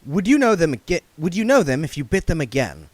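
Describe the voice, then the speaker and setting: A man voicing an earnest, polite young reporter who talks briskly. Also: fairly high pitch, sing-song, dry recording, pitched above the performer's own voice.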